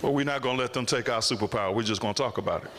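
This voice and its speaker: A man's voice: mid-range voice, rapid-fire, noisy background. A man telling a story in a public speech at a summit, with emphatic repetition. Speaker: summit speaker. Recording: long hall reverb.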